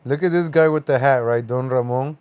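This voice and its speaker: A man's voice: mid-range voice, fairly quick, a little mellow, clean tone. Swearing, laughing livestream host man. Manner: laughs often, swears freely. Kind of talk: casual reaction commentary.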